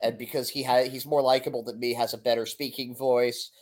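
A man hosting a casual sports podcast, talking in an animated, rambling way. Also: medium pitch, brisk. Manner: animated, rambling, self-deprecating. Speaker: podcast host.

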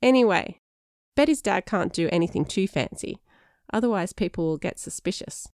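A woman's voice: fairly low pitch, animated, normal speed, a little mellow, dry recording. A woman voicing an earnest, science-keen teenage boy with dry humour.

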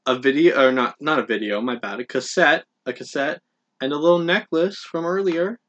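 A man's voice: on the high side, fairly bright tone, muffled recording. A young man co-hosting a casual podcast, joking around and poking fun at himself. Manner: quick, self-deprecating, joking. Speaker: podcast co-host. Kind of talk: casual chat.

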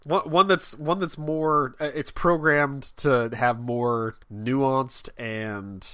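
A man's voice: medium pitch, steady tone, slow, bright, forceful tone, smooth, no room sound. Man, thirties, podcast co-host, casual chat, laughs at himself, dead dry recording. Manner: self-deprecating, laughs while telling stories.

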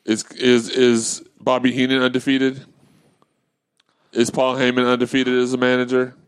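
A man's voice: medium pitch, monotone, moderate pace, clean tone, no room sound. A man co-hosting a casual podcast chat, teasing his co-hosts in dry banter. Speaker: podcast co-host.

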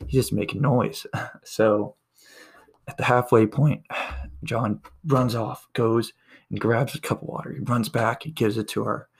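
A man's voice: mid-range voice, steady tone, a little slow, vocal fry, husky. A man hosting a casual show, telling a joke in a rambling way and chuckling as he goes.

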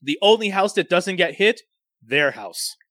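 A man with a high, bright voice recounts a plot in a casual chat, animated and full of profanity. The sound is dry and close, with no room around him. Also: measured pace, dry recording. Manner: animated, profane, laughing storyteller. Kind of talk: casual storytelling recap.

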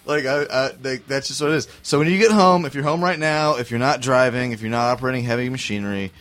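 A man's voice: mid-range voice, fast, a bit bright. A man with a Southern US accent co-hosting a podcast, rambling and restarting sentences with a chuckle. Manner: rambling, self-interrupting, chuckling. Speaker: podcast co-host. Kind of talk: casual chat.

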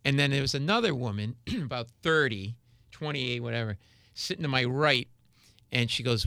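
A comedian telling a story in casual chat, acting out every quoted line with loose, profane energy. His voice is bright and forceful, with a crisp, resonant clarity. The sound is dry and close. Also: medium pitch, moderate pace, no room sound. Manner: animated storyteller, acts out quotes, swears freely. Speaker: comedian guest.

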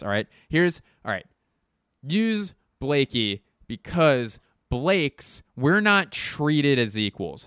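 A man's voice: medium pitch, a bit bright, clean tone, no echo. Solo comedy podcast host, a man in his thirties, profane, rambling, sarcastic, in a dry booth. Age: 30s.

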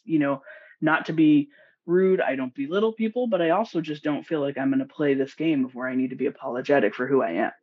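A woman's voice: extremely low pitch, fast talker, slightly rough, highs cut off. A woman guest on a podcast, a nurse practitioner and investor, speaking in a direct, outspoken way and laughing often. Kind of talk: casual podcast conversation.

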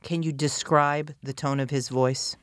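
Deep-voiced woman prosecutor questioning. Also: fairly even intonation, dry recording, clean studio sound. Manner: measured, probing questions. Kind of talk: courtroom questioning.

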